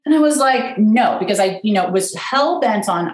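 A middle-aged woman who runs an event planning business, telling her story in a lively, self-deprecating way and acting out the quotes. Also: medium pitch, moderate pace, echoey room, poor audio. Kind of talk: casual storytelling talk.

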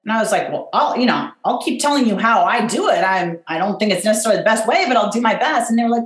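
A middle-aged woman who runs an event planning business, telling her story in a lively, self-deprecating way and acting out the quotes. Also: mid-range voice, quick pace, few pauses, echoey room, rough recording. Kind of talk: casual storytelling talk.

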